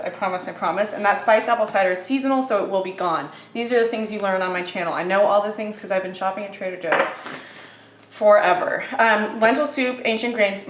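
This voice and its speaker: Young woman, vlogger, casual chatty haul talk, mid pitch, roomy kitchen sound. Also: a bit bright, slight background noise. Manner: chatty, upbeat, quick with fillers. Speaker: vlogger reviewing grocery finds.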